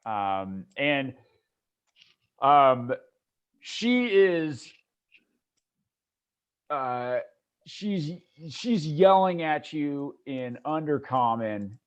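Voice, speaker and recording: A man narrating a tabletop game as dungeon master, halting and rambling with many fillers. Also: on the high side, sing-song, clear, resonant tone. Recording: dull lo-fi sound.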